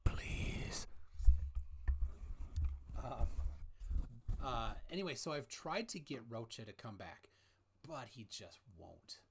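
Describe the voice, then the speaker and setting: A man hosting a casual livestream, reading out chat comments in a rambling, halting way with many fillers, holding his mic close at home. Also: medium pitch, big pitch swings, vocal fry, fairly bright tone, slight background noise. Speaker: livestream host. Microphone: handheld mic held close.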